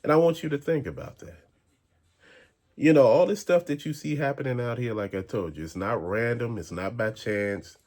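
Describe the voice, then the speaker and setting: A man's voice: mid-range voice, moderate pace, darkish tone. A man hosting a rambling conspiracy-theory rant, talking in an emphatic, slangy way. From American South. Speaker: channel host.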